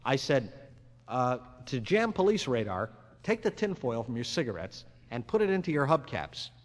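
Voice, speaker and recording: Man telling jokes in a reverberant hall. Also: a little high. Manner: conversational, rambling, acts out dialogue. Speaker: stand-up comedian. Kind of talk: live stand-up monologue. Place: live venue with audience. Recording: 1961 live album, long hall reverb, faint ambience.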